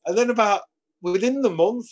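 A man spins stories from his band days in a relaxed interview. He chuckles as he goes and slips into the voices of the people he quotes. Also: high-pitched, normal speed. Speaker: musician guest. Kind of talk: casual storytelling interview.

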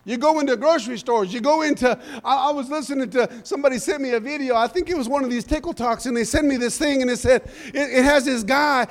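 High-voiced preacher man calling out "amen?". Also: fast, few pauses. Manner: animated storytelling, rising to shouts; frequent "amen?" and "hallelujah". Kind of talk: sermon.

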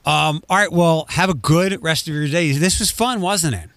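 A man who hosts radio, chatting easily with a friend. His voice sits a bit on the high side and keeps tripping into fillers and restarts. The sound is dry, with no room around it. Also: normal speed, fairly bright tone, dry recording. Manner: chatty, self-interrupting with fillers. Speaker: radio host. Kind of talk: casual chat.

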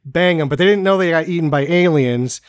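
A man's voice: fairly high pitch, fairly quick, smooth. A man co-hosting a casual podcast chat about a movie, making dry, wry jokes. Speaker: podcast co-host.

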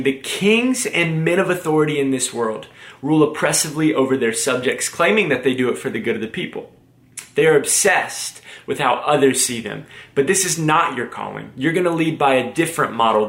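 Energetic young preacher in an echoey room. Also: male voice, medium pitch. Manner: energetic, joking, animated storytelling. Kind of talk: sermon with storytelling. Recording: roomy echo.

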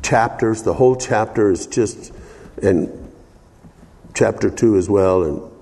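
A man's voice: fairly low pitch, takes it slowly, warm tone, husky, in a large hall. An older man preaching a folksy sermon as pastor, calling out to the congregation for amens.

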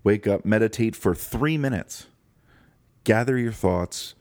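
Low-voiced guy rambling earnestly through a solo motivational talk, dry close sound. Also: a little slow, a little mellow, no room sound. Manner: earnest, rambling, self-correcting. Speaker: podcast host.

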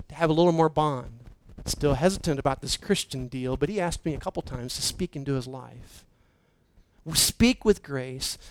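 A man preaching a sermon, slow and emphatic, dropping his voice low for key points. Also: no room sound, poor audio. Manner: slow, emphatic preaching with dramatic drops to near-whisper. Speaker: pastor.

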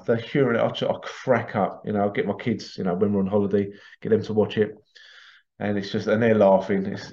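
A man chats away to his viewers in a loose, rambling monologue, breaking into chuckling asides as he goes. His voice sits at an ordinary middle pitch, and the recording sounds a little dull and lo-fi. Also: darkish tone. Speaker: vlogger.

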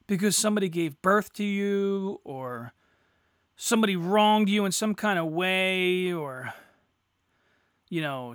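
A man's voice: high-pitched, no room sound, clean studio sound. A middle-aged man hosting a solo podcast, ranting crudely and sarcastically with heavy swearing. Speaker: podcast host. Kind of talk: profane solo rant.

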